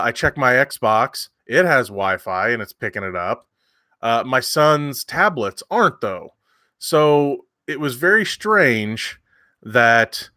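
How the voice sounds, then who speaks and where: A man's voice: medium pitch, sharp tone, no echo, clean studio sound. A man, hosting a livestream and telling a long story in casual chat with many fillers and restarts. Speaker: livestream host.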